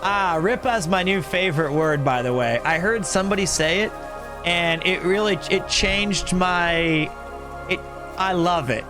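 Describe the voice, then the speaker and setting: A man's voice: high voice, measured pace, over music. A man streaming a game and chatting casually, rambling and joking in a playful way. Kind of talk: casual live-stream chat.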